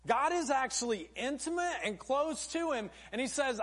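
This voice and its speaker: A man's voice: very high-pitched, expressive, moderate pace, fairly bright tone. A man preaching a sermon as pastor in a conversational way, often calling his listeners "folks".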